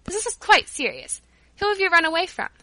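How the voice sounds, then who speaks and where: A jovial young shop clerk from a storybook, friendly and brisk, as a woman reader voices him. The voice stays bright and fairly high, close and dry. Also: very animated, no room sound, exaggerated voice, rough recording. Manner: jovial, then grave.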